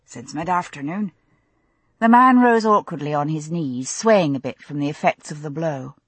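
A woman narrating a novel in the first person, with expressive, dramatic storytelling. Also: low voice, moderate pace, husky, no echo. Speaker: audiobook narrator.

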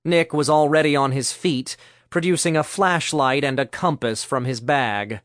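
A man reading a novel aloud as narrator in an even, brisk storytelling manner. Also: on the high side, dry recording, clean studio sound. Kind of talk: audiobook narration.

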